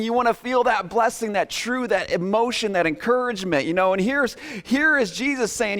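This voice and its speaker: A high-pitched male pastor preaches an animated sermon, acting out his listeners' reactions in quick asides.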